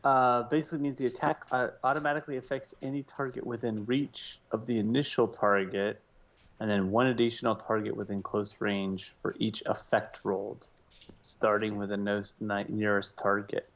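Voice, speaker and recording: A man's voice: on the low side, flat delivery, normal speed, a bit bright. A man playing a tabletop game who asks rules questions and reads the rules out plainly. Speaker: player. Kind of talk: casual tabletop play. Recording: dull lo-fi mic.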